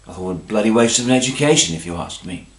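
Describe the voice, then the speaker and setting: A man rambles through a comic monologue in a low voice that swoops up and down a lot. He sounds pompous and long-winded, and his words ring in a roomy, echoing space. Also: expressive, very fast. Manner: long-winded, pompous, constantly adding "you see" and "you know". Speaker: comic storyteller.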